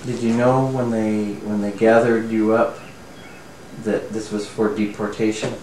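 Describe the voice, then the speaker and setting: A man's voice: fairly low pitch, little pitch movement, measured pace. Man interviewer, echoey distant room with hiss. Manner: gentle, short prompting questions.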